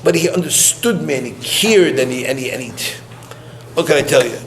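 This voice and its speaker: A man's voice: mid-range voice, animated, fairly quick. Man telling stories in a roomy hall. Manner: chatty storytelling, laughing often; sprinkles Yiddish and Hebrew words. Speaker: eulogy speaker. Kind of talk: eulogy with personal anecdotes. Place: gathering room during mourning visits. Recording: roomy hall with faint noise.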